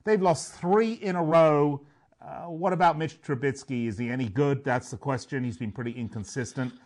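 A man's voice: medium pitch, normal speed, darkish tone. A man hosting a sports betting radio show, chatting and joking, sometimes tripping over names.

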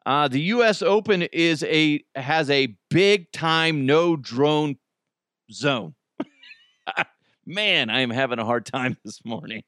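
Animated, laughing American podcast host. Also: male voice, a little high, slow pace, no room sound, clean studio sound. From United States. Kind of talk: casual news commentary podcast.

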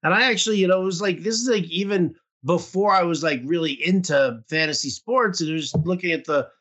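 Rambling young man, bright voice. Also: sits high, fairly quick. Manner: rambling, lots of fillers. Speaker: podcast co-host. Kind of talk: casual podcast chat.

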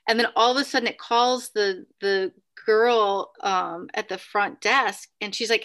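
A woman telling a ghost story in casual chat, full of "like" and "right?", acting out what people said in sudden high bursts. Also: normal speed, hardly any pauses. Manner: animated, acts out quotes with sudden high bursts; many fillers like "like" and "right?". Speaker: podcast guest.

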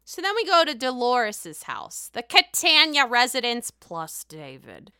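A woman giving a casual, profane reality show recap, chatty and excitable, calling the viewer honey. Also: a little high, unhurried, smooth, no echo, studio quality. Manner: excitable outbursts.

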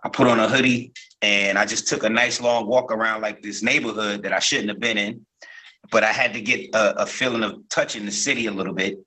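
A man from Newark chats as a guest actor in a casual podcast interview. His voice sits a little low but sounds bright and forward. He rambles, with plenty of ums, restarts and "you know"s. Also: a little fast, slightly rough, rough recording. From Newark, New Jersey. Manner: relaxed storytelling with many fillers and restarts.

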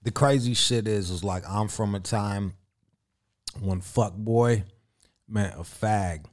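A man's voice: lowish voice, slow. A man talking as a podcast guest in casual chat, blunt and profane in his stories.

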